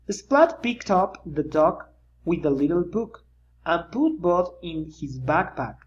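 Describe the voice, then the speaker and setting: A reader reads a children's picture book aloud in a slow, animated way, stopping for little pointing asides. The sound is dull and lo-fi. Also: mid-range voice. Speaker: storybook reader.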